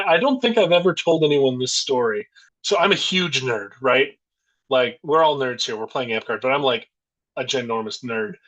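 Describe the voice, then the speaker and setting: A man in his thirties, the guest in a casual interview, telling an animated, rambling story full of tangents. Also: medium pitch, rough recording.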